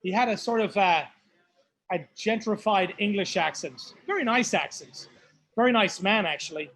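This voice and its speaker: A man's voice: high-pitched, moderate pace, a bit bright, rough recording. A man from County Mayo with an Irish Mayo accent, hosting a whiskey tasting in a pub and chatting to the group with loose storytelling asides. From Ireland (County Mayo). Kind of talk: casual hosted tasting talk. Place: pub, live tasting event.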